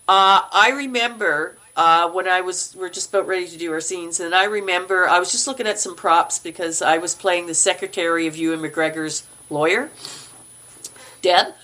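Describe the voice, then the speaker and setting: A middle-aged woman from Canada, a guest telling stories in a casual interview, animated and quick to laugh, acting out the lines she quotes. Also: lowish voice. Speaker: podcast guest, actor.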